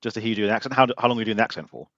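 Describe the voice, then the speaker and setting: A man's voice: on the low side, racing, fairly bright tone, lo-fi sound. A man co-hosting a podcast, teasing his guests in casual banter over a video call. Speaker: podcast co-host.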